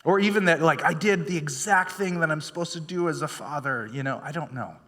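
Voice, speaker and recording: Bright-voiced preacher in a reverberant hall. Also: male voice, a little high, a little fast. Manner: conversational storytelling with many fillers and restarts. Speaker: pastor. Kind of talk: sermon. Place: church sanctuary.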